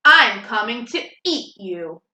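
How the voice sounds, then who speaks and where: A woman voicing a mean, hungry male troll in a children's storybook reading, with a low, slow growl. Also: very animated, pushed and bright, echoey room, slight background noise, full character voice.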